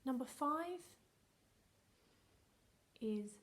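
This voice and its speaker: A woman with a fairly high voice, teaching phonics to young children in a recorded lesson. She speaks slowly and in a sing-song way, stretching out each letter sound and cheering the class on. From England. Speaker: primary school teacher.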